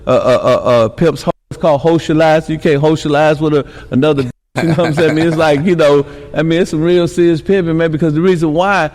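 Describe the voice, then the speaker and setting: A middle-aged man from Milwaukee talks fast as a podcast guest, stringing loose stories together. His voice sits a bit high for a man, and he keeps tagging lines with "you know what I'm saying." A long reverb trails off behind him. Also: steady tone, darkish tone. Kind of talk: casual interview storytelling.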